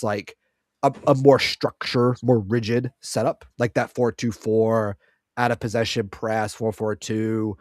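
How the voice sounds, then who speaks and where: A man co-hosting a football podcast in casual chat, rambling and animated with frequent restarts and fillers. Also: mid-range voice, dry recording, studio quality. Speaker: podcast co-host.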